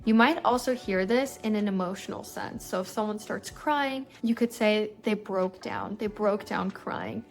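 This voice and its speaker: A woman giving a casual English lesson, explaining phrases and slowing down to say example sentences clearly. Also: medium pitch, soft background music. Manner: friendly explaining, slows down to model example phrases. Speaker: English teacher.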